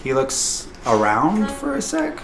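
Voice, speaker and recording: Animated man narrating as game master. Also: a little high, slow. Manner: hesitant, filler-heavy narration. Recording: echoey room, music behind.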